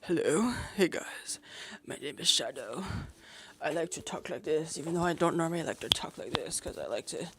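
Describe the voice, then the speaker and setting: A smug, self-admiring young man, put on by a woman, drawling with a gravelly edge. His voice swings widely up and down as he brags in a sarcastic, mocking tone. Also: low-pitched, lively intonation, moderate pace, voice pushed down.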